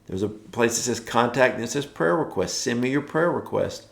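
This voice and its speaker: A man's voice: mid-range voice, expressive, normal speed, creaky, reverberant. A man preaching a morning devotional, exhorting his listeners with repeated declarations, tired from rising early.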